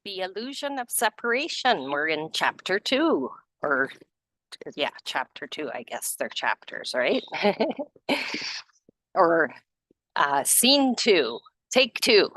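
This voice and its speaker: A woman reads aloud to an online group at an unhurried pace, her voice rising and falling a lot. She chats between passages, laughs often and corrects herself. The sound is dry and close. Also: lowish voice, big pitch swings, fairly bright tone, dry recording. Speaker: group reader. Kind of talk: casual reading and group discussion.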